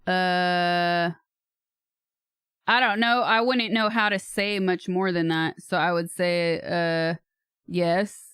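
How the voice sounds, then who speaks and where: A woman's voice: fairly low pitch, steady tone, takes it slowly, fairly bright tone, smooth, no echo, clean studio sound. A woman from California streaming live, thinking aloud in a hesitant way and laughing at herself. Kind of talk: casual livestream chat.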